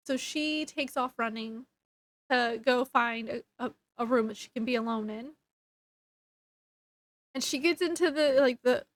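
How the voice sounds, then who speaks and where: Slow, high-voiced woman reviewing a book. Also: no echo. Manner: rambling, hesitant, with fillers and self-corrections. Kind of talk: casual book review vlog.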